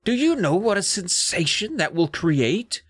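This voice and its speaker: A man reading a children's book aloud, voicing an excited, greedy father who exclaims eagerly. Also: high voice, measured pace, breathy edge, no echo, voice pushed up, exaggerated voice. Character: excited, greedy explorer dad.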